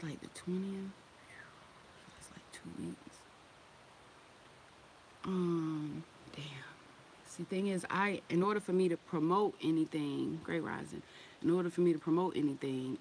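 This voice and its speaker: A woman's voice: sits low, slight background noise. Profane, laughing woman chatting live. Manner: loose, profane, laughing often. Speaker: vlogger. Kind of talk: casual live-stream chat.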